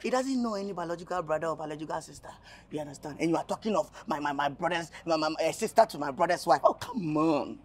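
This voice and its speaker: A man's voice: fairly high pitch, lively intonation, fast talker, hardly any pauses. An actor playing a cheeky young man who keeps pestering a woman, teasing and pushy, with a Nigerian accent, laughing as he talks.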